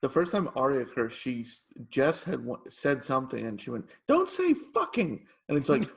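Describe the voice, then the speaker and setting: A man's voice: medium pitch, brisk, vocal fry, slightly rough. A man in casual podcast chat telling an amused story about his child. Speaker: podcast guest.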